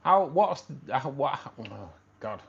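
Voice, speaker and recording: A man's voice: medium pitch, sing-song, slow, gravelly, slightly rough. Chatty Mancunian man, dull lo-fi stream. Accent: Manchester. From Manchester, England. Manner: rambling, repeats phrases, says "mate" a lot. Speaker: live stream host. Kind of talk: casual live-stream chat with viewers.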